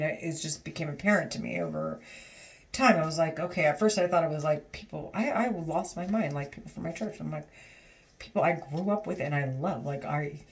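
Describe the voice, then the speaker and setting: A woman talking to camera in an agitated, rambling, profane monologue, full of restarts. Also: lowish voice. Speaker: vlogger.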